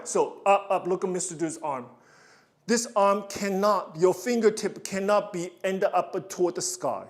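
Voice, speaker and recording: Slow-talking high-voiced ballet coach, a man. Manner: animated, counts and sings out steps. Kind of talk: online ballet coaching session.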